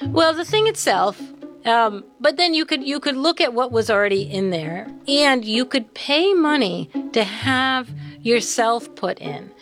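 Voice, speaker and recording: A woman's voice: on the high side, expressive, unhurried, fairly bright tone, soft background music. A woman co-hosting a podcast in casual chat, wry and amused with jokey asides. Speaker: podcast co-host.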